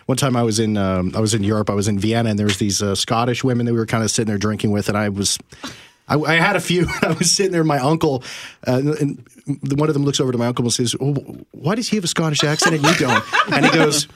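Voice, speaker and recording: A man's voice: medium pitch, fast. Stammering, self-deprecating man on radio. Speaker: radio show co-host. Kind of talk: casual morning radio banter.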